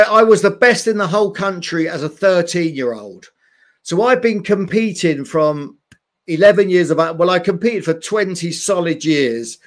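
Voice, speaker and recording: A man, a former boxer, earnestly telling his life story in an interview. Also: high voice. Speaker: guest, former boxing champion.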